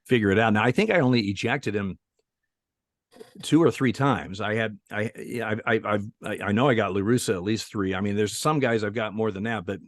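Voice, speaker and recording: A man's voice: lowish voice, brisk, dry recording, clean studio sound. A man in his sixties, a retired umpire, tells stories as a guest in a casual interview, chuckling often and restarting his sentences. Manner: chuckling storyteller with many restarts. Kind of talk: casual anecdote telling in an interview.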